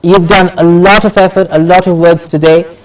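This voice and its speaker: A man teaching English pronunciation in a class lesson, slowly repeating example words one at a time. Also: high-pitched, fairly even intonation, recorded from a distance, low-quality recording. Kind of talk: classroom lesson on word stress.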